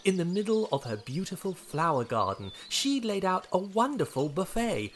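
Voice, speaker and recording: An Australian man from Tasmania narrating his own children's story in a gently expressive, playful way. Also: high-pitched, normal speed, slight background noise. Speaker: narrator and author.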